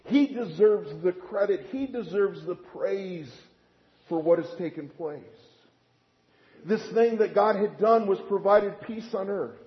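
A man preaching a sermon as pastor, asking rhetorical questions and swinging between quiet and loud. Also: high-pitched, measured pace, highs cut off. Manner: lively, rhetorical questions, animated swings in volume.

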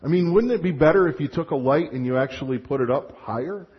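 A man's voice: a little high, fast. Man preaching in an echoing church. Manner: animated preaching with dramatized asides and restarts. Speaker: pastor. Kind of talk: sermon. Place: church sanctuary. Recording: muffled sound with long hall reverb.

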